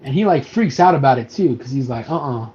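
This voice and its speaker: A man's voice: medium pitch, animated, fast, mellow, lo-fi sound. A man co-hosting a casual movie review podcast, animatedly retelling scenes with acted-out quotes and lots of fillers. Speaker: podcast co-host.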